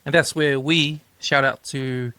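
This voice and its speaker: A man's voice: mid-range voice, fairly even intonation, a little slow, pushed and bright, dry recording. A man co-hosting a sports podcast, telling stories in a laid-back way, tagging lines with "eh". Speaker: podcast co-host. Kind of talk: casual storytelling chat.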